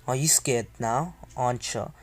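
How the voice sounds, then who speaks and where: A man's voice: medium pitch, measured pace, husky. A man voicing an arrogant, hot-tempered ninja girl. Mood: haughty, threatening. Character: arrogant young female ninja, hot-tempered elder sister.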